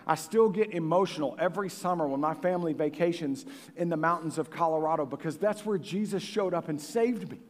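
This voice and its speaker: A man preaching a sermon with passion, swinging from hushed tones to booming. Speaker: pastor. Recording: long reverb of a large hall.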